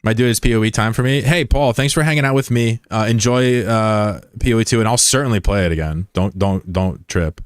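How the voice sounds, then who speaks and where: A fairly low-voiced man chatting casually on a game stream, loose and joking, full of slang as he greets viewers and reads their messages. The sound is dry and close, with almost no room around him. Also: fairly quick, hardly any pauses, clean tone, no echo.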